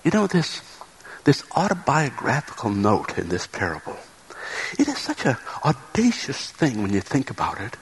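A man's voice: medium pitch, huge pitch swings, moderate pace, breathy edge, rough recording. A man preaching a sermon in an earnest way, often repeating words as he builds a point.

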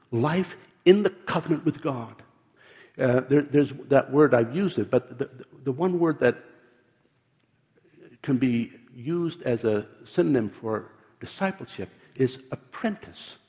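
An older man preaching a sermon, earnest and halting, often repeating words as he tells stories. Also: mid-range voice, lively intonation, a little mellow. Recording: dull sound in a large reverberant hall.

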